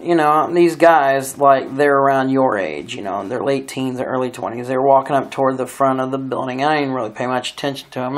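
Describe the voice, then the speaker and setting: A man's voice: mid-range voice, fairly bright tone. A man vlogging, telling a long story in a rambling way full of restarts and filler phrases. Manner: rambling, with many restarts and "you know"s. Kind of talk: casual storytelling monologue.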